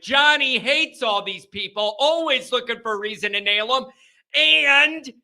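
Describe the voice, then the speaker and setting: A man hosting a sports talk show, ranting in a brash, loud, sarcastic and openly biased way. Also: very high-pitched.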